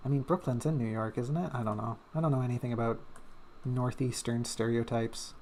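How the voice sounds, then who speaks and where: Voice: mid-range voice, fairly even intonation, brisk, a little mellow, slight background noise. A streamer chatting in a loose, rambling way while drawing on stream, full of self-mocking asides and little hums. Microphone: desk streaming mic.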